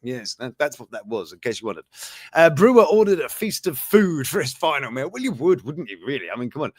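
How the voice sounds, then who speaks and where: A man's voice: on the high side, very animated, brisk, slightly rough, no room sound, studio quality. A man hosting a show, rambling through news items in casual commentary, chuckling and breaking off mid-sentence. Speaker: show host.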